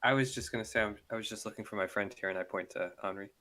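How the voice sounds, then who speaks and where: A man playing a tabletop game, answering in an earnest, quick way. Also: fairly low pitch, bright, forceful tone. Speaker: player.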